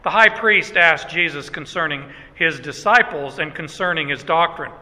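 A man's voice: fairly high pitch, normal speed, bright, forceful tone. A man preaching a sermon as pastor, folksy and self-deprecating, often restarting his sentences. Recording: echoey hall.

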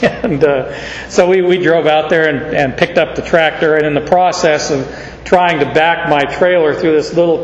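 Male preacher, fairly high voice, folksy and conversational; sermon captured in a reverberant hall. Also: dull audio, a little hiss or hum. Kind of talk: sermon with personal story.

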